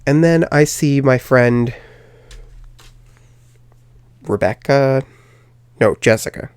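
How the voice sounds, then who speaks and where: A man's voice: medium pitch, slow pace, a little mellow, clean tone, no echo. A young man hosting a podcast, telling a personal story in a rambling way, with many fillers and restarts. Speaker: podcast host.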